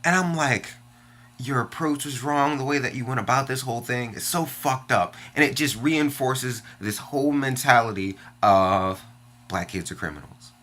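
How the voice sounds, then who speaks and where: A man's voice: medium pitch, normal speed, a bit bright. A young man ranting bluntly and angrily in a personal vlog, swearing often as he vents his frustration. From Washington, D.C. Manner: profane and frustrated, venting bluntly. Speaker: vlogger. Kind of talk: angry personal vlog rant.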